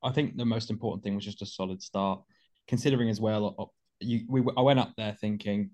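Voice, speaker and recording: A man offers firm opinions quickly, stumbling over repeated words. His voice is on the lower side. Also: fairly even intonation, a little mellow. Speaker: returning guest. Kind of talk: casual football podcast chat.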